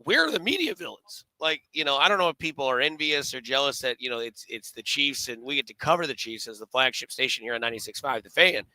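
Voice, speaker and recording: A man's voice: mid-range voice, sing-song, fast talker, few pauses, bright, forceful tone, dry recording, poor audio. A man hosting a sports radio show, telling stories in a rambling, casual way with many fillers and restarts.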